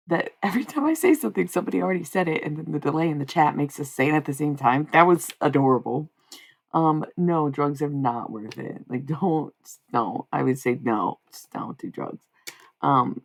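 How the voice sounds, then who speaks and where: Talking to her live stream chat, a thirtysomething woman from the United States speaks in a bass voice full of vocal fry. Her conversation is casual and wry, meandering and sprinkled with swearing.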